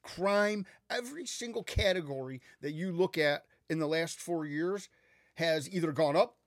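A man's voice: fairly high pitch, normal speed, no echo, clean studio sound. Emphatic man in heated chat. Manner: emphatic, interrupting, many restarts.

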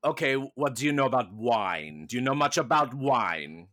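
A man's voice: medium pitch, animated, normal speed, a bit bright, no echo, lightly acted. A man doing a put-on German accent to play a cynical, sophisticated male restaurant general manager who speaks in a dry, dismissive way.

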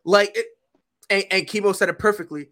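A young man hosting a podcast, telling a long story in casual chat, swinging from low mumbles to loud shouts. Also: fairly quick. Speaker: podcast host.

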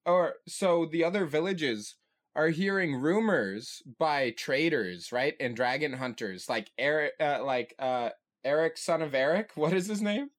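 A man's voice: fairly high pitch, animated, measured pace. A man co-hosting a podcast in casual chat, thinking aloud and often checking in with "right?". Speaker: podcast co-host.

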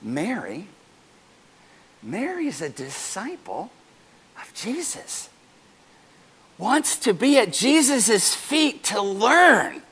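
Man, pastor, sermon, high lively voice, slow deliberate delivery, bright tone, playful asides. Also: slightly rough. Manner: animated, joking asides with the congregation.

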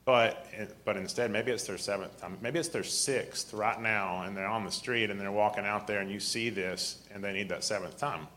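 A man preaches a sermon in a deep, grumbly voice with a somewhat low pitch. He clears his throat often and restarts his sentences as he goes. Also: steady tone, moderate pace, few pauses, fairly bright tone, a little hiss or hum.

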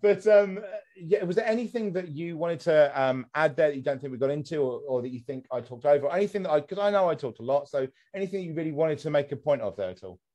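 A man hosting a podcast in an easy, chatty way. His voice sits a little high for a man, and he swears freely as he rants with comic exasperation. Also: expressive, quick pace, dark tone, highs cut off. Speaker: podcast host. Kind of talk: casual podcast chat.

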